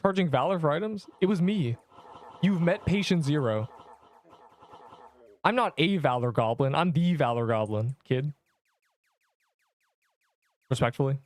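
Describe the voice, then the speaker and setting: This streamer, playing an online game live, has a highish, expressive voice with a measured pace and long pauses. He jokes at his own expense and responds playfully to chat, in a dry recording.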